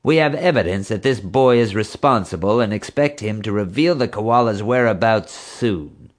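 A man's voice: on the low side, animated, normal speed, pitched above the performer's own voice, lightly acted. A man voicing a stern female security chief in an audiobook, speaking bluntly and accusingly.

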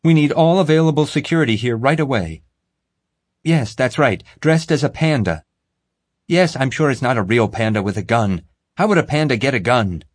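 Man voicing an urgent, brisk young woman. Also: medium pitch, no room sound, studio quality, voice pushed up, close to an everyday voice. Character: brave, quick-thinking young woman.

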